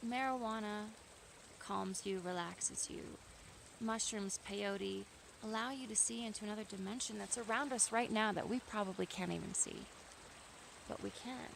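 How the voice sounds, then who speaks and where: A gravelly, medium-pitched woman talks at a moderate pace over background noise. Filming herself outdoors in nature, the vlogger reflects earnestly and freely, building at moments into emphatic bursts.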